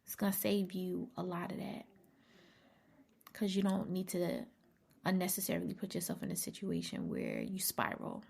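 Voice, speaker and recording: A woman's voice: lowish voice, wildly swooping pitch, normal speed, gravelly, a little mellow. A woman hosting her own podcast in a casual motivational monologue, emphatic and repeating key phrases, sometimes dropping to a near-whisper. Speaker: podcast host.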